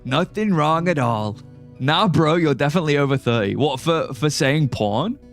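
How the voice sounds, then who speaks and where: A man's voice: fairly high pitch, lively intonation, normal speed. A man live-streaming a game, chatting casually with his viewers in a rambling, joking way and laughing often. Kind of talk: casual live-stream chat over gameplay. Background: faint music.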